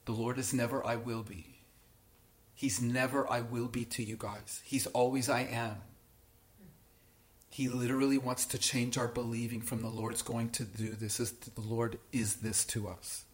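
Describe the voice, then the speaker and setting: An earnest man leads a small-group Bible lesson in a voice of middling pitch. He stresses his key words, breaks off and restarts phrases, and keeps checking with his listeners. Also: little pitch movement, normal speed, roomy sound. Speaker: Bible teacher.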